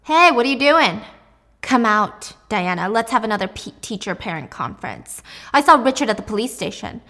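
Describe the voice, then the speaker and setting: A woman voicing an arrogant, hot-tempered rich man, loud and cursing, in a raised voice. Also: mid-range voice, big pitch swings, moderate pace. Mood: sneering.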